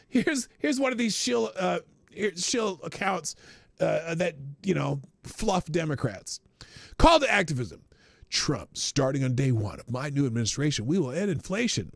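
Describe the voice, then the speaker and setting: A male show host who talks in a high, lively voice with a gravelly edge. He rants sarcastically, laughing between points. The sound is dry and close. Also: dry recording. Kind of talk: casual political commentary show.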